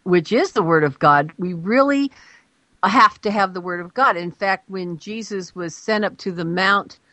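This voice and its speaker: A woman's voice: on the low side, measured pace, a bit bright, no room sound. A female guest on a radio interview, a Christian journalist explaining her views in an earnest, explanatory way. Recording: dry, dull lo-fi audio.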